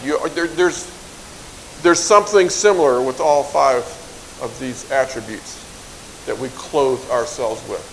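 A man teaching a Bible verse to a live group, light-hearted and joking, drawing out lists slowly as he recites. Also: fairly high pitch, fairly bright tone, a little hiss or hum, rough recording. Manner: light-hearted, jokes and chuckles; slow, drawn-out recitation of lists. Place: in front of a group in a room.

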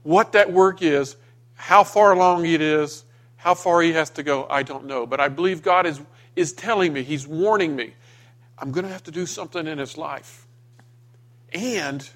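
Man, middle-aged, pastor, sermon, slightly high voice, emotional storytelling. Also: moderate pace, fairly bright tone. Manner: storytelling, emotional, rising in pitch when voicing himself in the dream.

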